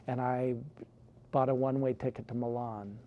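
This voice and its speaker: A photographer from California, appearing as a guest in a casual interview, tells long, rambling anecdotes and leans heavily on "like." His medium-pitched voice moves little in pitch and runs at normal speed, and the audio is dull.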